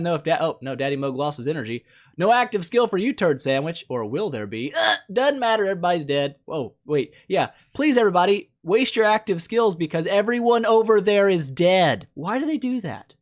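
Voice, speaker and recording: A man giving casual gameplay commentary as a mobile game YouTuber, joking and teasing the characters in a playful, mock-insulting way. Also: high voice.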